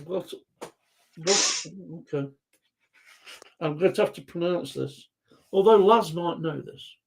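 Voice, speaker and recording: Gravelly-voiced man hosting a live quiz chat. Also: fairly high pitch, takes it slowly. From Britain. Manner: jokey, reads viewer comments aloud. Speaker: host.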